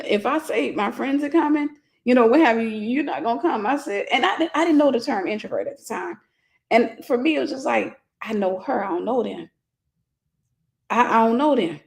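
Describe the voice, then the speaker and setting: A woman minister in her forties telling a personal story in a casual livestream sermon, greeting viewers by name. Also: fairly high pitch.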